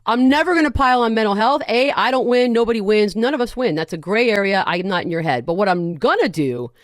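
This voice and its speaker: A woman hosting a podcast in casual chat, animated and sarcastic, often breaking into rants. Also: mid-range voice, fast, no echo, studio quality. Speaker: podcast host.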